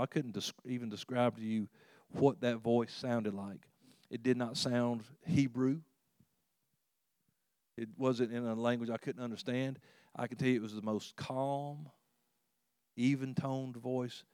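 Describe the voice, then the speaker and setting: A man delivers a sermon in a conversational, earnest way. He restarts his phrases often and suddenly climbs in pitch and volume when he presses a point. The sound is dry and close, and his voice sits at an ordinary pitch. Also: a little mellow, smooth, no room sound. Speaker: pastor.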